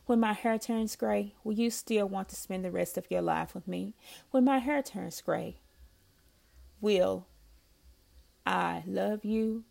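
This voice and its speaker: A woman reading her own poems aloud, slow and soft-spoken, with long heartfelt pauses between lines. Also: mid-range voice, creaky.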